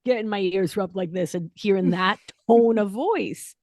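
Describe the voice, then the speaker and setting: A blissfully happy pet dog, as a woman puts it on, gushing in slang about how loved it feels. The voice sits at an ordinary middle pitch, recorded dry and close. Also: moderate pace, a little mellow, no echo, lo-fi sound, lightly acted.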